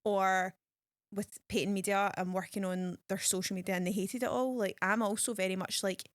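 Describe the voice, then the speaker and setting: A woman hosting a podcast while being interviewed, chatting casually and telling stories in lively slang. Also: mid-range voice, moderate pace, no echo, studio quality. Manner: chatty, animated storytelling with slang. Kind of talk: casual chat.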